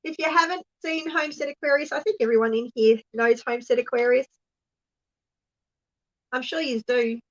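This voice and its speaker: A woman's voice: high-pitched, fairly even intonation, normal speed, long pauses, muffled recording. A woman with an Australian accent, hosting a casual live chat with viewers, giggly and chatty and a little congested from a cold. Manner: giggly, chatty, often laughing. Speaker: host.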